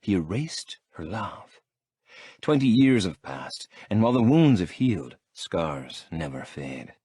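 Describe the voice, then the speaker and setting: A man narrating an audiobook in first person, brooding and measured. His voice sits very low with a husky grain. The recording is dry and close. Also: very animated, warm tone, dry recording.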